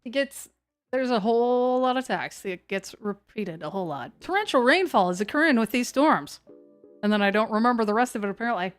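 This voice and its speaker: This severe weather livestream is hosted by a woman whose slightly high, expressive voice runs a little fast over faint background music. Her live commentary is casual, chatty, scattered and self-mocking.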